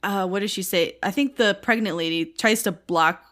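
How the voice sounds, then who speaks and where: A woman's voice: medium pitch, moderate pace. A woman co-hosting a podcast, chatting casually about a drama, retelling scenes with acted-out quotes and frequent laughter. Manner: animated storytelling, acts out quoted lines, laughs often. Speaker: podcast co-host. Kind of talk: casual chat reviewing a drama.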